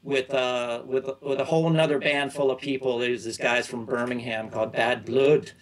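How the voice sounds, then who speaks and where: A middle-aged man talks as a guest in a relaxed interview, drifting from one story to the next. He trips over his own sentences and starts them again, keeping an easygoing conversational flow. His voice sits at an ordinary pitch for a man. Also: moderate pace, poor audio. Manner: rambling, loose storytelling with many restarts. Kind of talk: casual interview chat.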